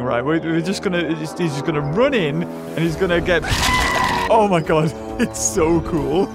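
A man hosting a gaming video, giving excitable gameplay commentary full of exclamations and laughter. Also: high-pitched.

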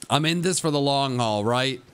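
A man's voice: medium pitch, moderate pace, fairly bright tone, clear, resonant tone. A young man livestreaming a game, switching between a hyped, goofy streamer voice and glum, self-mocking mutters to his chat. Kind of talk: casual livestream commentary.

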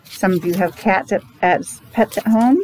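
A woman's voice: medium pitch, moderate pace, a little mellow, low-quality recording. A woman teacher with a Rhode Island accent, chatting to her students as she introduces a picture book, making playful animal sounds.

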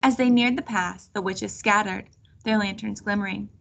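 A woman reading a children's chapter book aloud in a steady storytelling manner. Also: medium pitch, moderate pace, creaky. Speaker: reader.

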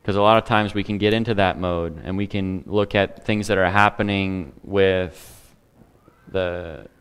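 A man's voice: deep voice, steady tone, unhurried, fairly bright tone, smooth. A man preaching a sermon in a conversational way, with humor and asides to the congregation. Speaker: pastor.

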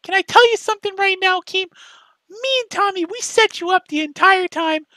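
A whiny, self-pitying young man harps on a rival with shrill, repeated questions. The voice sits way up high and sounds bright and pinched, recorded dry and close with no room sound. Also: normal speed, dry recording, rough recording. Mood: shrill ranting. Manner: nagging, repetitive, shrill questioning. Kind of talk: mocking impression in a commentary video.

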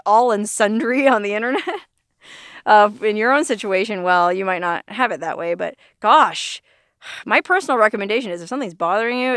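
A woman's voice: on the high side, a bit bright, dry recording, clean studio sound. A woman talking to camera outdoors in the desert, chatty and earnest, laughing often and using folksy exclamations. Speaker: vlogger. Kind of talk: casual outdoor vlog monologue. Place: outdoors in the desert near Las Vegas.

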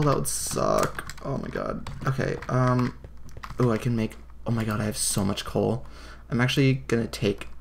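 A young man hosting a let's play, excitable and gasping, leaping to high shrieks when something scares him. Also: vocal fry. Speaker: gaming channel host. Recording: noisy home recording with keyboard clicks.

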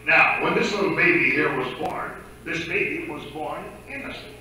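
Bright-voiced preacher in an echoey church. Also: male voice, fairly high pitch, animated, normal speed, a little hiss or hum. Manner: conversational, asks the congregation questions. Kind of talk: sermon with congregation questions.

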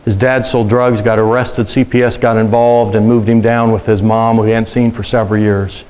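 A man's voice: lowish voice, level tone, moderate pace, darkish tone, low-quality recording. A middle-aged man, a pastor, preaching a sermon to a congregation, telling personal stories in a conversational way and asking the room questions.

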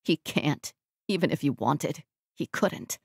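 A woman voicing a heartbroken, bitter young woman with a choked, hoarse delivery in an audiobook. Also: mid-range voice, measured pace, no echo, clean studio sound, close to an everyday voice.

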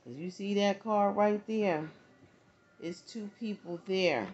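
A woman's voice: medium pitch, takes it slowly, darkish tone. A woman giving a casual tarot reading to her viewers, talking to them directly and often checking in with asides. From not from the American South. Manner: conversational, frequent asides and check-ins to viewers. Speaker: tarot reader. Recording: dull lo-fi audio, faint background noise.

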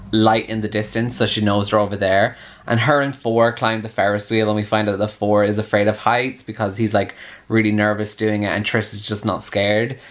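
A man's voice: fairly low pitch, a bit bright. A man in his twenties chatting casually in a reading vlog, gushing and full of "like" fillers. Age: 20s. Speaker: book vlogger.

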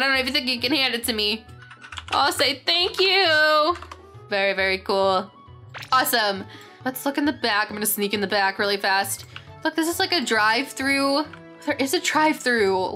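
A young woman hosting a game tour, gushing with excitement and saying "very, very" over and over as she chats casually. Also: a little high. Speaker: gaming channel host. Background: faint background music.

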